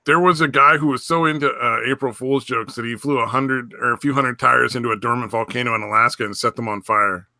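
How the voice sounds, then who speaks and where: A man's voice: mid-range voice, fairly even intonation, brisk, hardly any pauses, bright, forceful tone, no room sound, studio quality. A man co-hosting a podcast, cracking crude jokes and swearing a lot in casual banter. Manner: profane, joking, laughs often. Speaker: podcast co-host.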